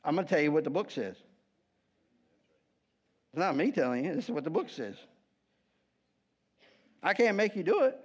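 A man's voice: on the high side, lively intonation, moderate pace, pauses often, lo-fi sound. A man preaching a sermon as pastor, conversational and wry, often checking in with the congregation.

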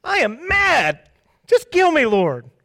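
A man's voice: extremely high pitch, wildly swooping pitch, takes it slowly, fairly bright tone, dry recording, clean studio sound, pitched above the performer's own voice, full character voice. A man voicing Jonah as a sulking, childish grown man who whines. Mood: petulant. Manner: childish, petulant whining.

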